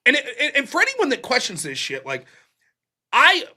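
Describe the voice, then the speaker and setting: High-pitched, animated male call-in host. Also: normal speed. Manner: profane, animated storytelling with mocking quoted voices. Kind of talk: casual call-in chat.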